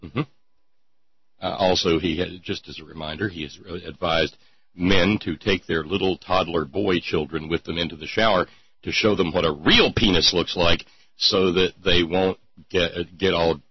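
A man's voice: deep voice, breathy edge, dry recording. A man hosting a sarcastic commentary show, rambling with lots of fillers. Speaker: host. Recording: dull lo-fi podcast mic.

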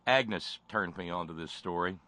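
A man's voice: low voice, normal speed, sharp tone, no echo. A man hosting a talk show, delivering sarcastic, impassioned commentary with frequent stammered restarts.

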